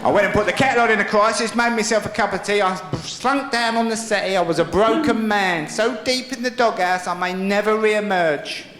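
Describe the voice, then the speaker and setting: A man's voice: high voice, brisk, few pauses, a little hiss or hum. A man with a Cockney accent doing a stand-up comedy set, telling a story and acting out voices, with an audience laughing behind him. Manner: animated storytelling, acts out voices. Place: comedy stage. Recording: roomy live venue with loud crowd laughter.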